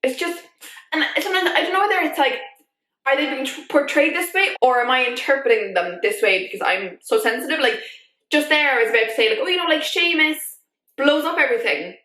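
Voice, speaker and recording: Chatty, animated woman in an echoey room. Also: sits high, fast. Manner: chatty, animated, many fillers like "like". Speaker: YouTube vlogger. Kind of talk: casual opinion vlog.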